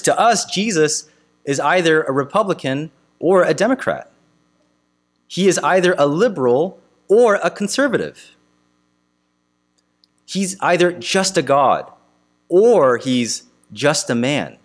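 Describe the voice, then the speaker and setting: A man preaching a sermon to his congregation, asking earnest rhetorical questions with emphatic pauses. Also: fairly high pitch, animated. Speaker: pastor.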